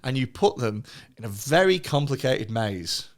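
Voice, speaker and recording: A man's voice: medium pitch, very animated, normal speed. A man hosting a comedy podcast, chatting casually with crude, sweary jokes and frequent laughter. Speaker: podcast host.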